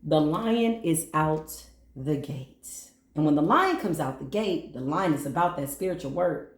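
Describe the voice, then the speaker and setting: Animated woman giving a spiritual reading. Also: on the low side, reverberant. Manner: animated, preachy, speaks straight to listeners, acts out quoted voices. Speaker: spiritual reader. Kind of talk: astrology and numerology reading.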